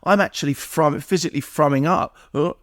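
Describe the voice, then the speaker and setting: A man's voice: on the high side, fairly quick, a bit bright, no echo, studio quality. A man talking as a podcast guest in an emotional, heartfelt conversation, earnest and repeating himself in rhythmic runs of words. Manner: earnest, repetitive, lists things in rhythmic runs.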